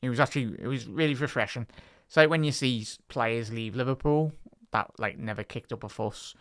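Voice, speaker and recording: This streamer's voice is medium-pitched, fairly bright and a little fast, captured in clean studio sound with no echo. Between casual chats with his audience, his live football commentary lifts in pitch and tempo whenever a team attacks.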